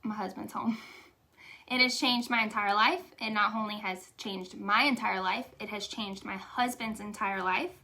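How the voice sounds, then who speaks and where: A woman's voice: mid-range voice, steady tone, moderate pace, sharp tone. A young woman giving a candid, emotional motivational testimonial, chatty and saying y'all. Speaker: direct sales leader.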